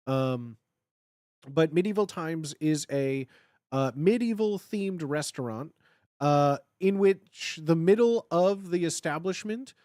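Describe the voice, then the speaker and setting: At a slow pace, a livestream host in their thirties from the Chicago area rambles through a casual chat at home with many fillers and restarts. They're animated, hitting sudden high bursts when acting out cheering, and the clean studio sound has no room sound.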